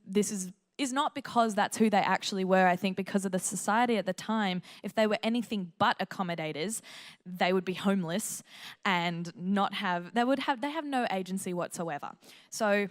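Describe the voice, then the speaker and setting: A young Australian woman preaching to a church crowd in a relaxed, conversational way. She jokes, laughs easily and slips into playful quoted voices. Her voice sits at an ordinary middle pitch for a woman. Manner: chatty, joking, laughs often, lively quoted asides. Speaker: church speaker. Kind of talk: sermon. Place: church stage.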